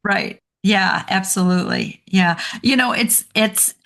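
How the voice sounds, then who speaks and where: A woman coach, a guest on a podcast interview, telling stories in an animated way and laughing often. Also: medium pitch, measured pace, gravelly.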